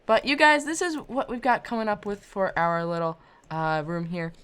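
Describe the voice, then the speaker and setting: A woman giving casual, rambling commentary over her game footage, self-deprecating and quick to get loud and excited. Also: medium pitch, clear, resonant tone. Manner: rambling, self-deprecating, often says "I don't know"; gets loud and excited when ranting. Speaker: Minecraft let's-player.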